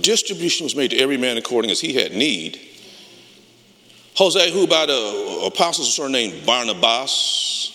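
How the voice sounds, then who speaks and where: A man preaching a sermon as pastor, telling stories with lively call-and-response energy. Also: medium pitch, normal speed, a little hiss or hum. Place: church sanctuary. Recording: long reverb of a church hall.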